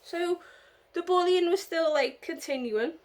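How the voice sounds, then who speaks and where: High-voiced emotional woman from the UK. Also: a little slow. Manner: emotional, rambling and indignant. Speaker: vlogger. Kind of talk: casual vlog monologue.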